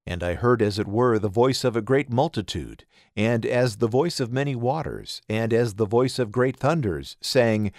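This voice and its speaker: A man reading scripture aloud in a solemn, measured recitation. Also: mid-range voice, a little mellow, no room sound, studio quality. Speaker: scripture reader.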